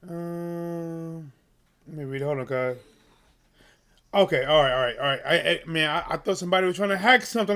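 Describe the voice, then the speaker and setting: Male live-stream sports host, casual and animated, repeats himself and hypes the chat, slightly raised pitch. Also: brisk, pauses often, clear, resonant tone. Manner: animated, repetitive, hyping the chat.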